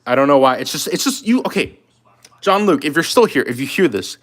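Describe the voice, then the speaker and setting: A man's voice: medium pitch, expressive, moderate pace, a bit bright. A man chatting casually on a live stream, loose and talkative, answering comments while he works. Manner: loose and chatty, talking to chat while drawing.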